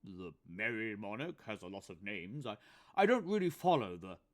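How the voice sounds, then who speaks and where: A man's voice: on the low side, animated, normal speed, close to an everyday voice. A man voicing an old undertaker, haughty, testy and sarcastic, with pompous wording.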